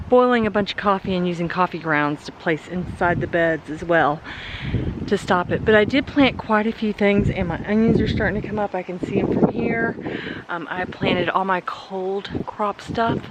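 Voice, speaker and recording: A woman's voice: fairly low pitch, very noisy. Chatty woman vlogging her garden chores. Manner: chatty, upbeat, narrating her own chores. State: out of breath after yard work. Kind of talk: casual vlog narration. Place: backyard garden, outdoors.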